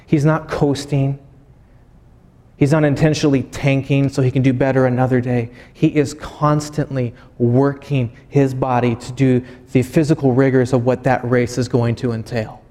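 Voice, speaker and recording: A man, a pastor, preaching a sermon as animated storytelling and acting out voices. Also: mid-range voice, long reverb tail.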